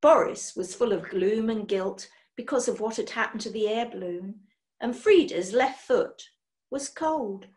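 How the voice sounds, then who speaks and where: A woman reading a children's book aloud, expressive, swinging between loud and hushed. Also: mid-range voice, measured pace. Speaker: storyteller.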